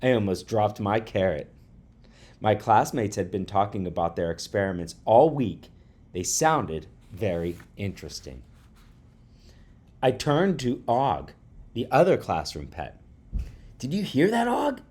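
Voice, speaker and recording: Expressive man reading a children's book. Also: fairly low pitch, a little slow, slightly rough. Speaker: teacher reading aloud. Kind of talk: children's read-aloud.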